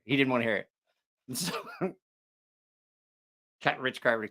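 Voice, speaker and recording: A man hosting a knife channel, telling stories in a casual, profane, animated way. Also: mid-range voice, moderate pace, pauses often. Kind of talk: casual storytelling chat.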